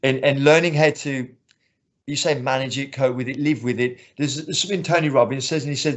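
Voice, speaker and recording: A man's voice: mid-range voice, brisk. A man who coaches martial arts, talking earnestly in a casual interview and often restarting his sentences. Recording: slightly muffled lo-fi recording.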